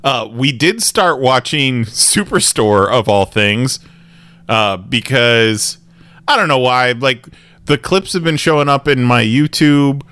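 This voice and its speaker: Man, podcast host, casual chat, bright voice, rambling, laughs a lot. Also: mid-range voice, lively intonation, takes it slowly, clear, resonant tone. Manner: laughs often, rambling with restarts.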